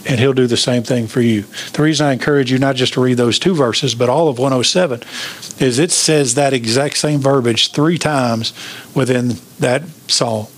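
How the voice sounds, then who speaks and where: A pastor preaching an emphatic sermon, asking the congregation questions. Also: male voice, mid-range voice, moderate pace.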